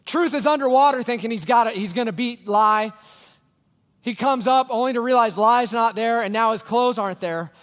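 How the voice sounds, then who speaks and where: A male pastor with a strikingly high voice preaches to his congregation, storytelling with animated bursts that fall to hushed intensity. His words ring out with a long reverb from a large church hall. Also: normal speed. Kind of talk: sermon.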